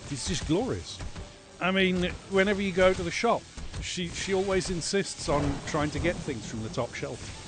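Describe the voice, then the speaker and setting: A man's voice: sits high, normal speed, over music. A man streaming a game, chatting casually with rambling, sardonic and profane asides. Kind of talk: casual gameplay chat.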